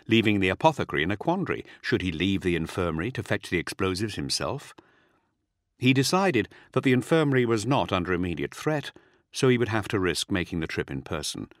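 A middle-aged man narrating an audiobook with dramatic, measured storytelling. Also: low-pitched, a bit bright, no echo, clean studio sound.

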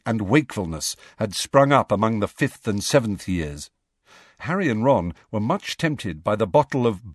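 A man reading a novel aloud as an audiobook narrator, with expressive storytelling. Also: medium pitch, no echo, clean studio sound. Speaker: audiobook reader. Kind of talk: scripted narration.

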